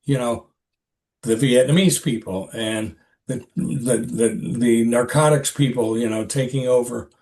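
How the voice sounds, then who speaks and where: A man's voice: mid-range voice, darkish tone. Rambling older man telling a story. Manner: rambling, halting, many restarts and fillers. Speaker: actor, podcast guest. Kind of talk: casual interview storytelling.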